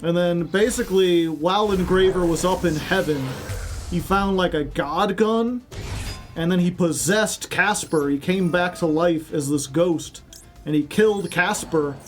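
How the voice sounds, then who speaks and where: A man with a high-pitched voice streaming a card game. He chats casually with viewers, rambles and turns each move into a silly tale. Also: a little slow, faint music behind. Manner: rambling, joking, spins silly stories.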